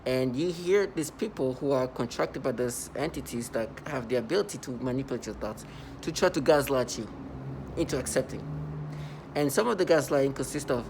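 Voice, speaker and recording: A man talking straight to his viewers in a loose, rambling monologue, his voice pitched squarely in the middle range. He circles back on his points with plenty of ums and restarts, earnest and worked up, while a faint hum of noise sits behind him. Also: lively intonation, a little fast. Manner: rambling and repetitive, with many fillers and restarts; earnest and agitated. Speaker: vlogger. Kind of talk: unscripted monologue to camera.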